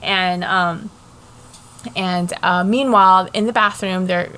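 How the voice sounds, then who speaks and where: A woman's voice: lowish voice, steady tone, slow pace, pushed and bright, smooth. A woman hosting a casual book chat, recapping the plot in a chatty way, with frequent swearing and fillers. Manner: chatty, profane, lots of fillers.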